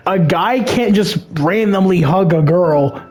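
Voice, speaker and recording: A man's voice: sits high, a little slow, darkish tone. A man reading a visual novel aloud for a let's play, stumbling over words and dropping crude asides.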